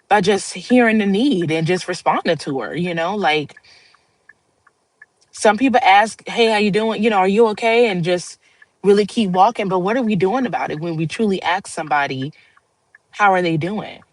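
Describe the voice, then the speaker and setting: A woman's voice: fairly low pitch, normal speed, pauses often, dry recording, poor audio. A woman hosting a livestream, talking to viewers in a casual, heartfelt monologue. She rambles earnestly and laughs often. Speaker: livestream host.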